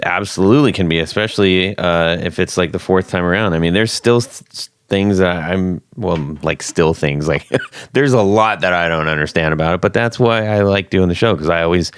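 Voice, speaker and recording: A man's voice: low-pitched, fairly quick, smooth. A man hosting a casual podcast chat, laid-back and rambling with frequent restarts. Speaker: podcast host.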